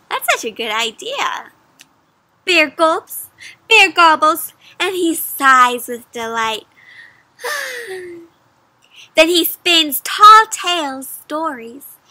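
A woman giving an interactive read-aloud for children, animated, with gasps and questions to her young listeners. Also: high-pitched, no room sound. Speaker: children's storyteller.

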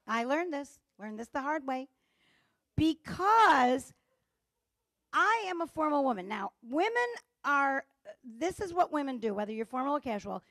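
A woman's voice: sits high, very animated, a little slow, a bit bright, no echo, studio quality. A middle-aged woman lecturing at a conference, playful, acting out little dialogues with comic timing. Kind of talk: conference talk. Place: conference stage.

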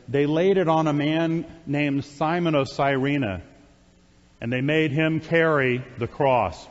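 A priest preaching a sermon, retelling a scripture story in a conversational way with wry asides to the congregation. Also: male voice, a little high. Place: church sanctuary. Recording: dull, reverberant church recording.

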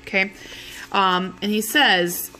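A woman's voice: mid-range voice, takes it slowly, bright, forceful tone, faint music behind. A woman teaching a class, retelling a play in casual words and often checking in with "okay?". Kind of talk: explaining a play to students.

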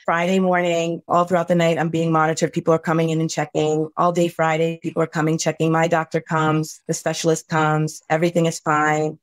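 Brief: middle-aged woman guest, lowish voice, earnest storytelling, dry recording. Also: completely flat delivery, brisk, few pauses, dry recording. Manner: earnest, emotional retelling. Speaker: podcast guest. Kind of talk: personal storytelling.

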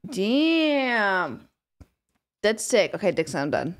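A woman streamer chatting casually on a live stream, giggling often and swearing as she rambles excitedly. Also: mid-range voice, slow pace. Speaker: livestreamer.

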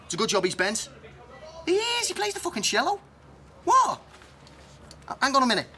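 A man's voice: extremely high pitch, wildly swooping pitch, fast talker, sharp tone, a little hiss or hum, heavily acted. An actor playing a jealous, foul-mouthed man who rants and makes threats in a TV comedy. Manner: accusing, ranting, threatening.

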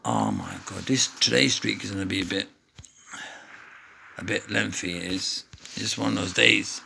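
A man chatting his way through a mobile game, playful and prone to tangents. His voice is deeply gravelly, with a bright, forceful edge, and sits a little low. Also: fairly even intonation, normal speed, a little hiss or hum, low-quality recording. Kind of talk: rambling gameplay commentary.

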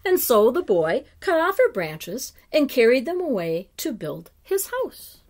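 A woman reading a children's picture book aloud, slow and expressive, sometimes dropping to a hush. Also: high-pitched. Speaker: children's story reader.

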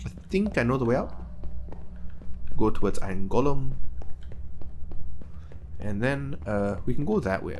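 Medium in pitch but swinging widely, this young man's darkish voice is unhurried, with long pauses and slight background noise. As a let's play gamer he comments casually, chatty and quick to be surprised, stammering while addressing the characters on screen.

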